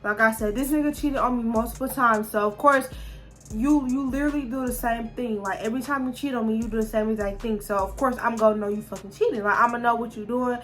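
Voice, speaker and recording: A woman's voice: a little high, steady tone, fast talker, a bit bright, faint music behind. A young woman, talking straight to her viewers in a candid, profane storytime monologue full of restarts. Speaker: vlogger.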